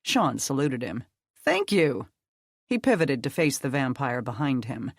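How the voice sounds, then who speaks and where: An audiobook narrator reading a dark fantasy story in a steady, measured way. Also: mid-range voice, husky, no room sound, studio quality.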